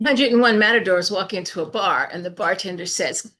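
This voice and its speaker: A woman telling improvised bar jokes on a video call with a brisk delivery built toward the punchline. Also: medium pitch, sharp tone. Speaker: improv player.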